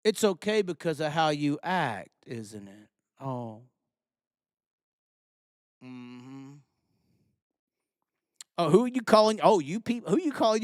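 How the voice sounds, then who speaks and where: A man's voice: a little high, sing-song, slow, pauses often, fairly bright tone, no echo, clean studio sound. A man hosting a live motorsports talk stream, ranting in a sarcastic, mocking way to his chat. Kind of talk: live call-in chat show.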